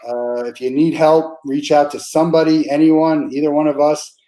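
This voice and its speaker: A man's voice: fairly high pitch, little pitch movement, normal speed, warm tone, poor audio. A man hosting a podcast interview, chatting casually, with frequent restarts and fillers. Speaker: podcast host.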